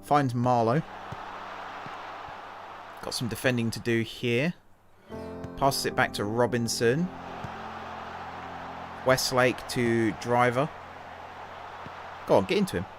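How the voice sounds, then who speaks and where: A young man calls the action of a football management game in an easy, chatty way, drifting into asides about tactics as he goes. His voice sits at an ordinary middle pitch. Game music plays clearly under him throughout. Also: slow, pauses often. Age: young adult. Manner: chatty, muses aloud and shifts between match calls and asides. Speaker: gaming YouTuber and streamer. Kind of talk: relaxed live commentary over a football management game.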